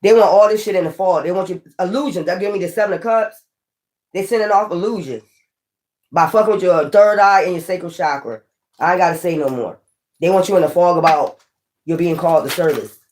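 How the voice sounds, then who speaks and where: A woman's voice: on the low side, fairly quick, a little mellow. Blunt, profane woman reading tarot. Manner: blunt, profane, preachy and emphatic; rambling with frequent restarts. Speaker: tarot reader. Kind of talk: casual spiritual tarot reading.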